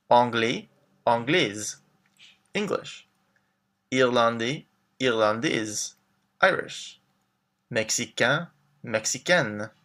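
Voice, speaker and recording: A man teaching a beginner language lesson, modeling phrases slowly and clearly, then glossing them and prompting the learner to answer. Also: medium pitch, bright, forceful tone. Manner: clear, slow modeled pronunciation with English glosses. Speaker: French teacher.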